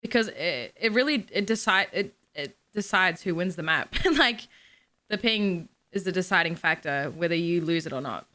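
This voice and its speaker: A young woman co-hosting a casual gaming podcast, talking in quick bursts with restarts and laughter. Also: lowish voice, lively intonation, sharp tone. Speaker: podcast co-host.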